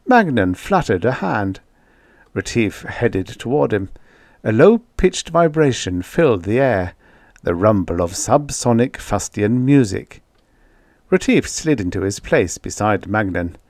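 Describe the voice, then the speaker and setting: A man narrating a science fiction audiobook in an expressive storytelling manner. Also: lowish voice, a little slow, dry recording, clean studio sound. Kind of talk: scripted narration.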